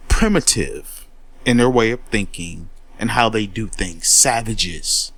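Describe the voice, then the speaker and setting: A man's voice: fairly low pitch, slow pace, fairly bright tone, no echo. A man in a heated, profane monologue, taking on critics with repeated words and a confrontational edge. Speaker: commentary host.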